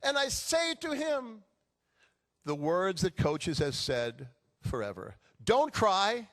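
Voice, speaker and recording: A man's voice: a little high, slow. A middle-aged man giving a motivational speech to a live audience, telling stories with jokes. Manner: animated storytelling with jokes. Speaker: keynote speaker.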